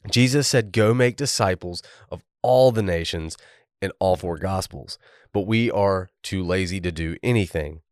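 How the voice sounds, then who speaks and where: Deep-voiced man preaching earnestly. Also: dry recording, clean studio sound. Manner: earnest and exhorting, spells out words. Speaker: podcast host. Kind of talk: preaching podcast monologue.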